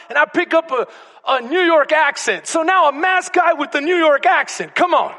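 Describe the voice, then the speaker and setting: A Texan male pastor telling a story in his sermon, animated and conversational, swinging between loud bursts and hushed asides. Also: very high-pitched, moderate pace. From Texas. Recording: long reverb of a church hall.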